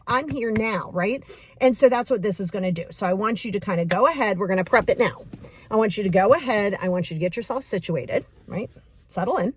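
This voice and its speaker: A woman leading a guided mindfulness exercise, talking casually and straight to the viewer with lively bursts. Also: mid-range voice, breathy edge, no room sound. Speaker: mindfulness coach.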